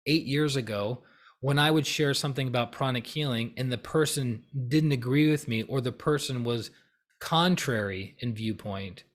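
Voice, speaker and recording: A man talks through a spiritual teaching in a relaxed, conversational style. He checks in with listeners and often slips into brief acted-out outbursts before settling back into a calm, mid-range voice. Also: medium pitch. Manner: animated, acts out heated voices mid-talk; conversational, many fillers and tag questions. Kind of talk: casual teaching talk.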